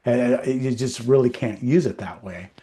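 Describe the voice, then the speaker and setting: Podcast co-host, male, casual and meandering, average pitch, lots of filler. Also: moderate pace. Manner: relaxed, rambling, many fillers and restarts.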